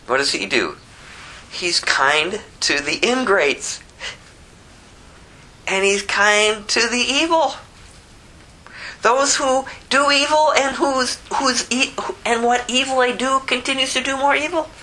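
A woman preaching a sermon with emphatic rhetorical questions and wide swings in pitch. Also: takes it slowly, pauses often, bright, forceful tone, poor audio.

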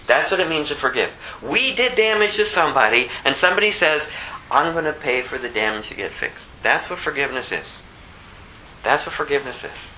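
A man preaches in an easygoing, conversational way, with a bright and somewhat high voice. He slips into the voices of the people in his stories and lifts sharply when he drives a point home. A faint background noise runs underneath. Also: animated, low-quality recording. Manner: conversational, plays out the story characters in quick voices; rises high and loud when stressing a point. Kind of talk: informal sermon.

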